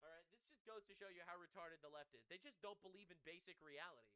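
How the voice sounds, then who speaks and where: A man's voice: high voice, fast, bright, forceful tone, clean tone. A man giving sarcastic, profane live-stream commentary, often breaking into laughter.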